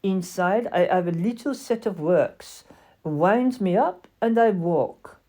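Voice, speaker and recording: A woman's voice: mid-range voice, lively intonation, takes it slowly, mellow. A woman voicing a proud, affected female walking doll with a French accent, tittering and mocking.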